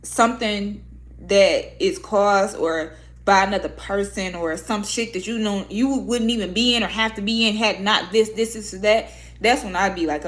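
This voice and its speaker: A woman's voice: medium pitch, steady tone, normal speed. Blunt, emotional woman vlogger. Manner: blunt, profane, emphatic; emotional, heartfelt. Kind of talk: casual candid chat to viewers.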